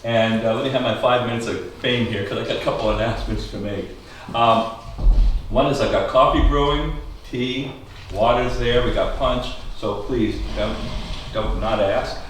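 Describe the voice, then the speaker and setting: A middle-aged man from Maine welcomes a small audience to a history talk, chatty and joking as he asks them questions. His voice is mid-pitched and comes from some way off the mic in a very echoey schoolhouse room, with a faint hum of room noise behind him. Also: fairly even intonation, normal speed, distant mic. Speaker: historical society host.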